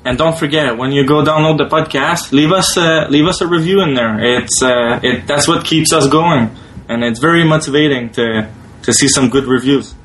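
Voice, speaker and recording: A French-accented man chats loosely on a podcast, often pausing and restarting his sentences. His voice sits at a middling pitch, and a faint hiss of background noise runs under it. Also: poor audio. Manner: relaxed, hesitant, restarts often. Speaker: podcast co-host. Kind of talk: casual podcast chat.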